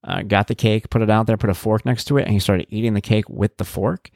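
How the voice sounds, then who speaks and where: This parent blogger talks about his son in a fast, rambling monologue, his fairly low voice carrying vocal fry and a slightly mellow quality. His intonation stays fairly even, and his humor is wry and blunt. The recording is dry with clean studio sound.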